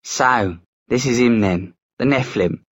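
A man's voice: medium pitch, measured pace, breathy edge, no echo, studio quality. A man voicing a growling, threatening male werewolf in an audiobook. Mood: menacing.

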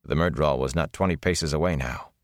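Deep-voiced male audiobook narrator. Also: a little fast, no echo, studio quality. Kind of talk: scripted fantasy narration.

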